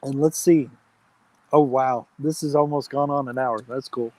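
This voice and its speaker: A man's voice: mid-range voice, fairly even intonation, normal speed, no room sound. A man hosting an outdoor campfire live stream, chatting casually and reading viewer comments aloud. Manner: chatty, reads chat aloud, friendly shout-outs.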